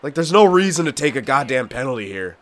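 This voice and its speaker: A man's voice: mid-range voice, very animated, fast, fairly bright tone. Frustrated, cursing young gamer man. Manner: frustrated, swearing rants at the game. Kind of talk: live gameplay commentary.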